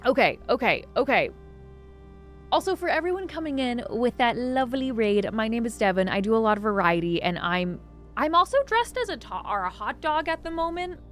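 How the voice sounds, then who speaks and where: A young woman streaming a game live, chatting casually and dramatically with her viewers, swinging from excitement to mock sadness. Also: on the high side, a little fast. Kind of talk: casual live-stream chat while gaming. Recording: faint music behind.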